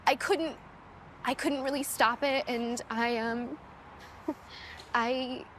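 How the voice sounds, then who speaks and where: A young woman with a fairly high voice recounts a painful past in an interview. She speaks hesitantly and nervously. Faint background noise is audible. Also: fairly even intonation, slow. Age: young adult. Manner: hesitant, shaky, with nervous laughs. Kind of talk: emotional personal testimony.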